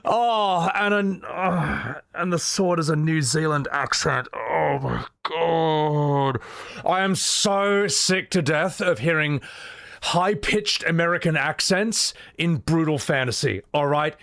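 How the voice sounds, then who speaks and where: A man's voice: on the high side, creaky, a bit bright, no room sound, studio quality. A young Australian man streaming live, reacting to trailers in a casual, sweary, ranting way.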